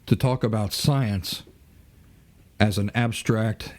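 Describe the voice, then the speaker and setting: In a slow, lowish, slightly mellow voice, a man lectures through a podcast monologue. Rhetorical questions and acted-out mock exchanges run throughout.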